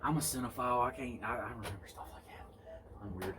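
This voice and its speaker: A man's voice: medium pitch, brisk. A man from South Carolina with a Southern accent, a guest chatting casually and drawling easily about pipes and films. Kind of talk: casual chat. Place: front porch, outdoors. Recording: distant mic with faint outdoor noise.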